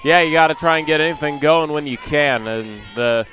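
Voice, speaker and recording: A man giving relaxed color commentary on a college softball game, with short analytical remarks. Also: a little high, brisk, soft background music. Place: outdoor softball field.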